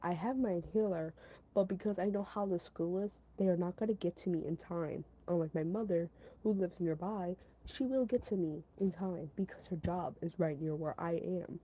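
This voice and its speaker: A woman's voice: fairly low pitch, dark tone, breathy edge, poor audio. A woman casually telling a story to her stream chat, rambling, repeating herself and padding her talk with fillers. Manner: talks to her chat between story parts.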